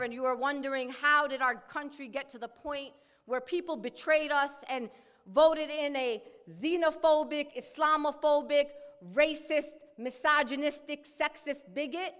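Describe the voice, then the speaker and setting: A high, bright woman's voice with a New York accent rings out in a bold, impassioned keynote speech. She speaks outspokenly from a podium, and a long hall reverb trails each phrase. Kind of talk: fiery political speech. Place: banquet hall.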